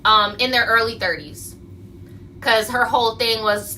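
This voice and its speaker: A woman's voice: fairly high pitch, animated, moderate pace, pushed and bright, slight background noise, poor audio. A young woman ranting on a livestream, telling a story in blunt, profane words and acting out the quotes. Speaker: vlogger. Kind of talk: casual livestream rant.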